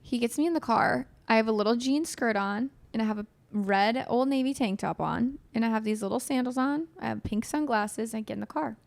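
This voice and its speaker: A woman's voice: a little high, brisk, vocal fry, few pauses. A young woman hosting a podcast, telling childhood stories with lots of swearing. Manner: animated, profane storytelling. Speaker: podcast host. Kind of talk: casual podcast chat.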